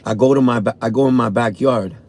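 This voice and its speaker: A man with a New York accent, a vlogger telling a profane, animated story from his car on a morning drive. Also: mid-range voice, fast talker. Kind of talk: casual storytelling.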